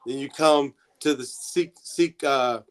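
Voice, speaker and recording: A man's voice: mid-range voice, takes it slowly, fairly bright tone. A man, a student assistance coordinator, talking to students in a classroom with many restarts and fillers.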